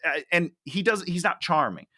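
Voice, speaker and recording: Male podcast co-host, exasperated and mocking, bright voice with animated pitch. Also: normal speed, breathy edge. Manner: sarcastic, exasperated critic. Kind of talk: casual film chat.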